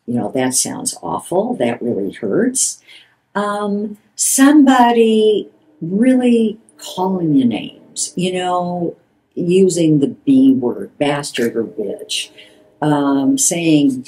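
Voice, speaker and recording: An older woman therapist explaining relationship patterns in a measured way, acting out the quoted lines. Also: lowish voice, very animated, warm tone, low-quality recording. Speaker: couples therapist. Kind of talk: explanatory talk.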